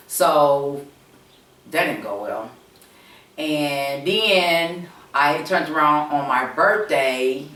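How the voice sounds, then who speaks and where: A woman's voice: low voice, drawn-out words, a bit bright, recorded from a distance. A woman host chatting casually to her viewers, rambling and repeating herself with plenty of fillers. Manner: rambling, repetitive, many fillers, addresses viewers directly. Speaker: channel host. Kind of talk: casual storytelling chat. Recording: roomy echo, speaking away from the mic.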